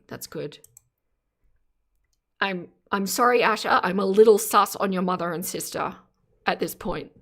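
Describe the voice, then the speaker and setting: A woman's voice: medium pitch, fairly bright tone. A woman live streaming from her phone, commenting casually and exclaiming in sympathy as she reads her chat aloud. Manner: earnest, exclaims in sympathy while reading chat. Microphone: phone camera.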